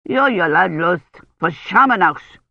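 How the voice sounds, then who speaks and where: A woman voicing a stern, gruff old medieval woman who growls curt orders in a storybook reading, in a dull, lo-fi recording. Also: fairly low pitch, expressive, a little slow, no room sound. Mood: growling. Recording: dull, lo-fi, dry.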